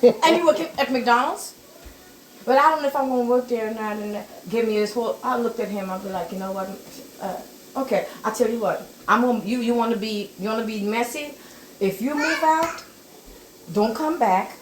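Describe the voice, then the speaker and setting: An older woman in her kitchen telling family stories in a casual chat, animated and acting out what people said. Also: a little high, normal speed, reverberant, slight background noise, low-quality recording. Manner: animated, acts out quoted dialogue in raised voice. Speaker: step-mother giving life advice. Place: home kitchen.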